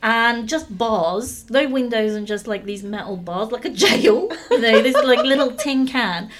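Woman, animated anecdote teller, light higher pitch, frequent laughter. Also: measured pace, crowd noise. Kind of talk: storytelling anecdote.

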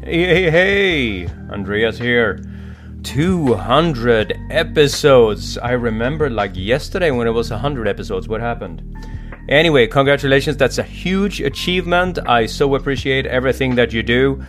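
A man giving a lively, chatty recorded message of congratulations. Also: mid-range voice, moderate pace, soft background music.

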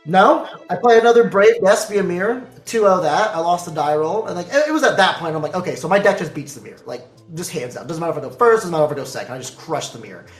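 A man's voice: high-pitched, fast, hardly any pauses, roomy sound, soft background music. A man casually telling the story of his card game tournament, acting out the back-and-forth with opponents and judges. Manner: animated, acts out quoted exchanges.

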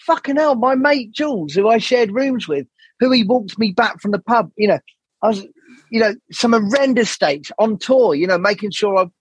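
A man's voice: sits high, normal speed, husky, no room sound, muffled recording. A man talking as a podcast guest in a candid, rambling way, swearing often. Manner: swears freely, animated rambling storytelling. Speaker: jazz saxophonist, podcast guest.

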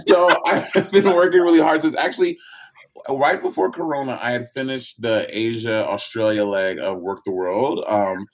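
A loud, salty man from the United States, guesting on a chat show in a mid-range voice. He swears freely and breaks into laughs. His delivery is candid and unfiltered. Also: medium pitch, moderate pace. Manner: brash, profane and laughing. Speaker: guest, drag performer. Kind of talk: casual chat.

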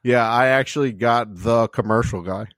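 A man hosting a podcast, chatting in a relaxed, laid-back way and plugging sponsors. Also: medium pitch, normal speed, dry recording. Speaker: podcast host. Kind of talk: casual chat with sponsor plugs.

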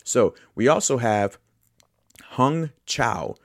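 A man's voice: mid-range voice, expressive, slow, no echo, studio quality. A man hosting a movie podcast, talking casually and enthusiastically, often rambling and correcting himself. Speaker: podcast host.

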